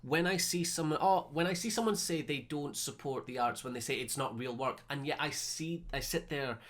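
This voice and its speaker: A young man co-hosting a casual podcast chat, talking passionately with quick restarts. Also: on the high side, a bit bright. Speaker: podcast co-host.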